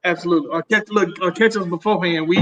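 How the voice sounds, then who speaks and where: Male podcast guest, reflective and halting, slightly high voice, dull lo-fi audio. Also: steady tone, a bit bright. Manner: reflective, halting, repeats his words. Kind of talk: casual conversation. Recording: dull lo-fi sound.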